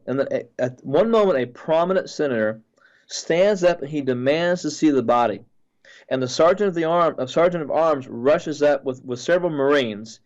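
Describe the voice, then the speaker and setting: A man's voice: a little high, lo-fi sound. Earnest male pastor recounting a dream. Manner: earnest storytelling with frequent restarts.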